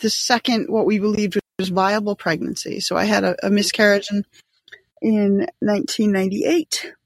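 A woman's voice: medium pitch, fairly even intonation, moderate pace, no room sound. A middle-aged woman chatting conversationally, wandering a bit and correcting herself as she goes. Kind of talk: casual chat.

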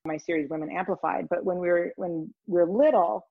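A woman guest in an interview, telling stories in a rambling, animated way. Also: on the low side, fairly quick, gravelly, no echo, narrow, tinny audio. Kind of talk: conversational storytelling.

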